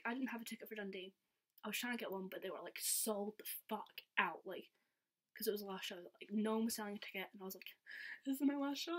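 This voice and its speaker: Chatty young woman storyteller. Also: mid-range voice. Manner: chatty, says "like" all the time, acts out quotes. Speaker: vlogger. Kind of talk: casual storytelling.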